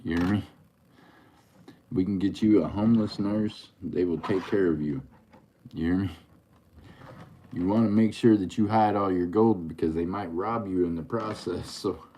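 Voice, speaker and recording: A middle-aged man with a low, dark voice talks casually to his livestream chat. He teases and jokes in a relaxed drawl. A faint hiss of noise sits behind him. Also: normal speed, long pauses. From Oklahoma. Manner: joking, teasing chat in a drawl. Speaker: livestream host.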